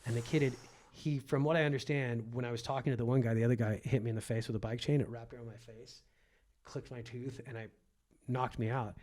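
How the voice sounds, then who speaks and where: Egyptian-born comedian guy telling stories, dark mellow voice, dry close sound, does little voices for people. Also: medium pitch, fairly even intonation, fast talker, no room sound. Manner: vivid storyteller, acts out quoted voices. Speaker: comedian guest. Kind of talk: storytelling in conversation.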